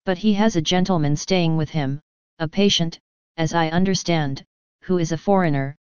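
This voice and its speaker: A woman's voice: low-pitched, normal speed, a little mellow, smooth, no echo, muffled recording, lightly acted. Chatty country station master, as a woman reads him. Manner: polite, chatty.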